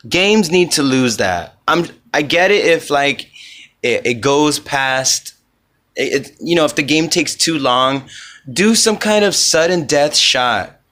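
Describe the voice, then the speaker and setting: A man talks through a solo comedy podcast in a loose, rambling way, with profanity scattered through his speech. His delivery is slow and unhurried, and his voice has a bright, forward tone. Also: on the high side, expressive.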